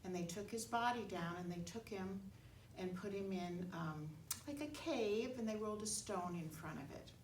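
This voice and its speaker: A woman telling a Bible story to young children in gentle, simple words. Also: medium pitch, moderate pace. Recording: echoey room, mic far off, faint noise.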